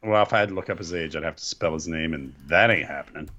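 A man's voice: very deep voice, fast talker, sharp tone. A man co-hosting a casual podcast, making joking, playful asides. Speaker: podcast co-host. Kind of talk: casual chat. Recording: dull lo-fi sound.

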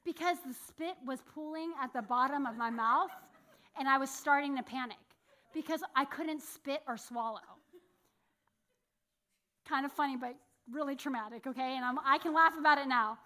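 A young woman with a high, bright voice preaches to her congregation. She tells stories in an animated way, acting out what happened. Her voice is sharp and clear, and the room is a church sanctuary. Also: normal speed. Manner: animated storytelling, acting out a locked jaw. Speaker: pastor. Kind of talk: sermon.

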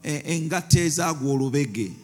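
A man preaching a sermon with live interpretation, telling a personal story with emotion and swinging between loud and soft. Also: a little high, expressive, fairly quick. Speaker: pastor. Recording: reverberant hall with faint music.

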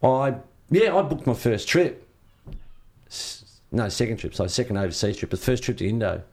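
A man's voice: medium pitch, big pitch swings, moderate pace, a little mellow. An older Australian man telling rambling surf-trip stories in casual chat, swearing freely and acting out the dialogue himself. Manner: rambling, laid-back, swears freely, acts out quoted dialogue. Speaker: interviewee, surfer. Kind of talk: casual storytelling.

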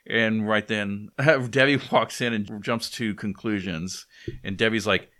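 A man's voice: fairly low pitch, steady tone, unhurried, bright, forceful tone. A man in casual chat, recapping a comic and briefly acting out the characters' lines. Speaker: podcast co-host recapping a comic.

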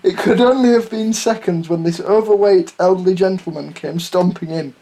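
A man's voice: high-pitched, moderate pace, warm tone. Guy reading out a silly story, keeps cracking up. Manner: giggly, keeps breaking into laughter. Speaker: podcast co-host reading a listener's story. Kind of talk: comedic reading aloud.

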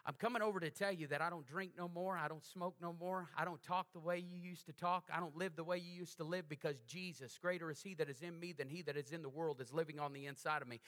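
With a fairly high-pitched voice, a man delivers a sermon as pastor, full of animation and call-and-response questions for his congregation.

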